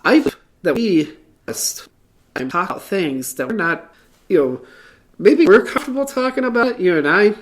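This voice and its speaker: A woman's voice: medium pitch, animated, normal speed. A woman hosting a casual talk show, speaking earnestly and hesitantly, with frequent fillers and restarts. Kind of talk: casual podcast chat.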